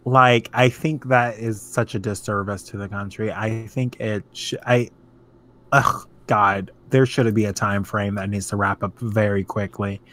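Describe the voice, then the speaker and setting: A man's voice: on the low side, steady tone, a little slow, a bit bright. A man co-hosting a casual podcast chat, ranting animatedly and swearing freely. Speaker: podcast co-host.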